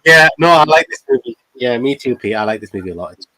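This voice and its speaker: A man co-hosting a casual livestream, relaxed and agreeable, muttering as he works his computer. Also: medium pitch, fast talker. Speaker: co-host.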